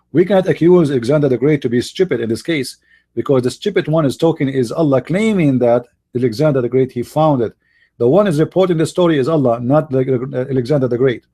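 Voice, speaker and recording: A man hosting a live debate show, speaking in a sarcastic, mocking way, somewhat hoarse and coughing now and then, with slightly non-native English phrasing. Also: medium pitch, dark tone. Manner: mocking, sarcastic, mimics voices.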